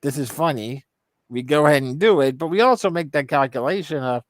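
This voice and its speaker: A man's voice: fairly high pitch, a little fast, dry recording, studio quality. A man, a podcast co-host, in casual conversation, agreeable and thinking his points through aloud. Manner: thoughtful, agreeable, reasons things through aloud.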